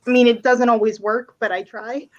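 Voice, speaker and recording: A woman's voice: on the high side, steady tone, normal speed, muffled recording. A woman guest in a casual chat, earnest and agreeable, often affirming others. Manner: earnest, agreeable, lots of backchannel.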